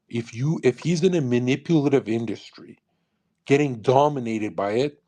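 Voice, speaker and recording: A man's voice: mid-range voice, a little mellow. Blunt man in an intense streaming rant. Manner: intense, blunt, swears freely; acts out quoted people in changed voices. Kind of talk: live commentary rant. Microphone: USB condenser studio mic.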